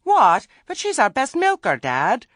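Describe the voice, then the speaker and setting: A man voicing a bewildered young farm lad who asks high, incredulous questions. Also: wildly swooping pitch, unhurried, a bit bright, no room sound, studio quality, heavily acted. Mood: puzzled.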